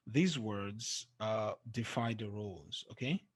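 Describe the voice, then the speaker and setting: Slow, methodical man teaching word stress. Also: on the high side, lively intonation, fairly bright tone. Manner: methodical, counts syllables aloud, checks with "okay?"; drawls example words slowly and trails off at phrase ends. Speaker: English teacher. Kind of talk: exam-prep pronunciation lesson.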